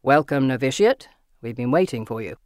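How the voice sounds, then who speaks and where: A narrator voicing a man of a secret brotherhood who greets a recruit in a low but cheery voice, quiet and conspiratorial. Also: expressive, normal speed, no room sound, studio quality, natural voice. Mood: sly.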